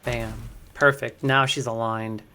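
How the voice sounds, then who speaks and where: A young man chatting excitedly to his viewers while building in a game, slangy and easily distracted. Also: mid-range voice, measured pace, a little hiss or hum. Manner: chatty, hyped, slangy, talks to chat as crew. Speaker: game streamer. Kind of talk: casual livestream commentary.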